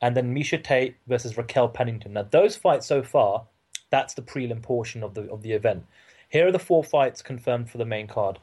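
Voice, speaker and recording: A man with a British accent co-hosting a sports podcast, briskly reading through a list of upcoming fights. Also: medium pitch, a little mellow, slightly rough. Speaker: podcast co-host. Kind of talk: casual chat, reading a fight card.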